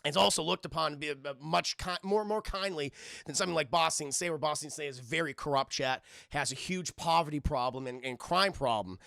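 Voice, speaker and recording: A man's voice: fairly high pitch, a little fast, creaky, bright, forceful tone, dry recording, studio quality. A man giving a casual, rambling and profane cartoon review on a live stream, often addressing chat.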